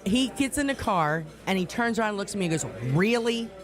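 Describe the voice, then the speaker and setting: A woman's voice: mid-range voice, fast, faint music behind. Woman, radio co-host, casual storytelling, laughs often. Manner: laughing storyteller, animated retellings. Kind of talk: casual chat.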